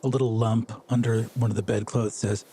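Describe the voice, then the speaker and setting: A man's voice: on the low side, level tone, brisk, mellow, husky. A man narrating a tabletop game as game master, with vivid, comic descriptions.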